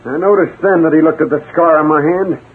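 An actor playing a gruff, blunt outlaw henchman in an old radio drama, on a hissy lo-fi broadcast. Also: a little high, a little fast. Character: rough young outlaw henchman, scarred, gruff.

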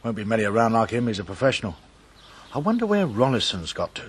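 An actor playing a calm, shrewd country police inspector, measured and dry, in a radio drama. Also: male voice, on the low side, husky.

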